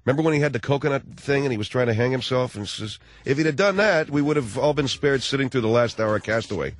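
A man's voice: mid-range voice, quick pace, no room sound. A man hosting a comic talk radio show, riffing sardonically and firing rhetorical questions.

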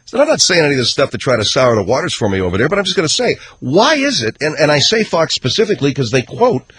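Very animated and fast, this talk radio host rants sarcastically through his opinionated commentary. His volume jumps between loud outbursts and low mutters.

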